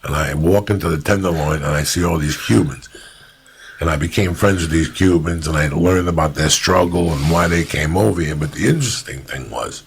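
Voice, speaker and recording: Cuban-born podcast host, 50s, low and gravelly, swears freely, animated storyteller. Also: male voice, brisk, a little hiss or hum. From Cuba. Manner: profane, animated storyteller who mimics people. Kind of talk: casual storytelling chat.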